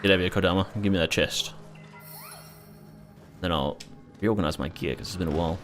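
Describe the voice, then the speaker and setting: A man's voice: deep voice, a little fast, music in the background. A young man chatting casually and rambling while playing a game, swearing freely. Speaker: gaming streamer. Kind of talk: casual gameplay commentary.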